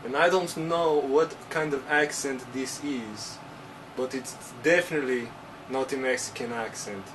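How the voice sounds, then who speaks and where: A man talking to camera in a casual vlog, joking and animated, his voice jumping up in pitch for emphasis. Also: a little slow. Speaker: vlogger. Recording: distant mic with faint ambient noise.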